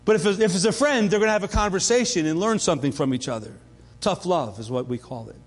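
In a church, a male pastor preaches a sermon conversationally, often restarting his sentences. His voice sits high and moves fast with lively intonation, followed by a long reverb tail.

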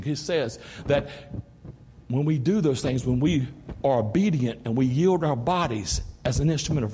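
A man's voice: mid-range voice, a little mellow, a little hiss or hum. A middle-aged man with a Southern American accent preaching a sermon as pastor, in a folksy, preacherly way, calling out "Amen?" to the congregation. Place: church sanctuary. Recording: church hall with long reverb.

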